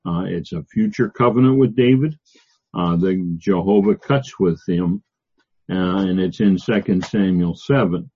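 A man with a lowish, husky voice teaches through scripture verse by verse, pausing and restarting often as he explains. The sound is dull and lo-fi. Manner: halting, many fillers and restarts, stresses words. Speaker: Bible teacher. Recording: dull lo-fi recording.

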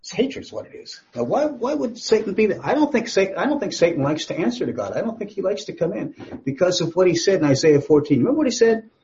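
Pria berkhotbah dengan gaya santai dan bertanya. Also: male voice, sits high, sing-song, fast, a little mellow, muffled recording, a little hiss or hum. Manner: conversational, rhetorical questions, jokes with congregation. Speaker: pastor. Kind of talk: sermon.

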